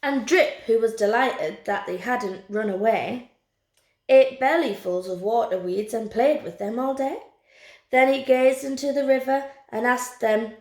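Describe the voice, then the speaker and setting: Woman, teacher, picture-book reading, slow, expressive, slightly high voice, echoey room. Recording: roomy echo.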